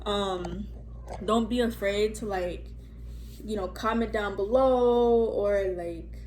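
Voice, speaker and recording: Telling her story slowly, a young vlogger talks into her phone in a medium-pitched, darkish voice, rambling casually with plenty of fillers and a curse word here and there. The recording has an echoey room sound, faint ambience and a little background noise.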